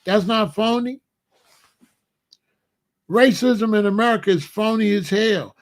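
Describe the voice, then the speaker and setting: A man's voice: high-pitched, unhurried. A man hosting his own show, delivering a casual comedic monologue full of rhetorical questions and chuckling asides. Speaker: host.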